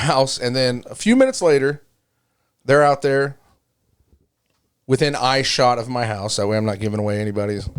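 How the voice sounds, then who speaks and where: A man's voice: medium pitch, clear, resonant tone. A middle-aged man on a casual podcast, telling a joking, profane story. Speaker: podcast co-host. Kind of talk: casual chat.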